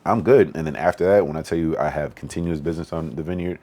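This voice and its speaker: A young man from Western Massachusetts, a podcast guest talking casually and animatedly with plenty of slang. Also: extremely low pitch. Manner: fast, animated storytelling with slang. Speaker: podcast guest, event organizer.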